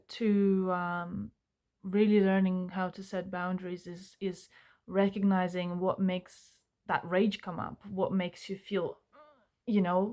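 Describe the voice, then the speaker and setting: A young woman, talking earnestly and haltingly to camera about healing, with many fillers and restarts. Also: mid-range voice, a little mellow. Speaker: self-help vlogger. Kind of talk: reflective personal talk to camera.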